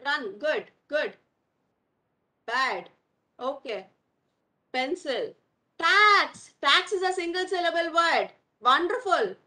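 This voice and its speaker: Over poor audio, a woman's high, animated voice comes through pushed and bright. She's a primary school English teacher working online with young children, slowly drilling words, repeating them, and addressing the class as "my dear children."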